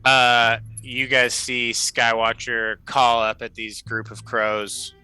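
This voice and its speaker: A man narrating a tabletop game as game master, with relaxed, lively storytelling. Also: mid-range voice, slow, clean tone, soft background music, rough recording.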